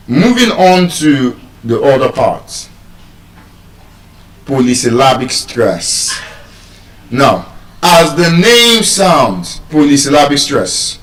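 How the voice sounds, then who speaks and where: Slow, deliberate man teaching. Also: fairly high pitch. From Nigeria. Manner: deliberate and teacherly, repeats key terms. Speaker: English language teacher. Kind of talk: live speech lesson on word stress. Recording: roomy sound, mic far off.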